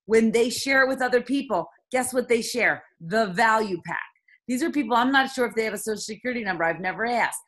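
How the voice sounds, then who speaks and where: A woman leading a motivational team call, talking in an emphatic, heated way with quick rhetorical questions. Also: a little high, lively intonation, a bit bright. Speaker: team leader coaching her sales team.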